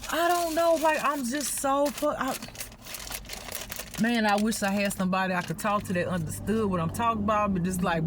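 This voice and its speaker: A high-pitched woman rambles through an unscripted venting monologue. She is agitated and swears freely. Her thoughts spill out in restarts and exasperated, pleading bursts. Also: a little hiss or hum. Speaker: spiritual vlogger.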